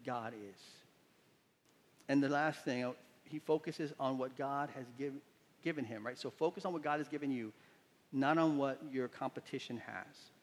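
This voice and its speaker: A man preaching a sermon as pastor, telling stories with lively voices for the people in them. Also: medium pitch, normal speed, in a large hall. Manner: animated storytelling, acts out quotes with voices. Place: church sanctuary.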